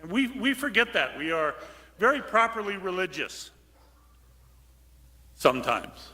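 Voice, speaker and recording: A man preaching a lively homily as a priest, switching to hushed voices for quotes and sometimes calling out loud. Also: sits high, measured pace, in a large hall. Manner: animated, acts out quotes in hushed voices, sudden shout. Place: large church.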